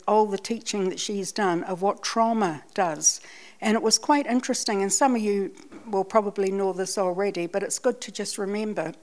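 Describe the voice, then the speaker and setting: A Scottish woman giving a sermon, telling a personal testimony in a chatty, self-deprecating way. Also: mid-range voice. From Scotland. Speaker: church speaker.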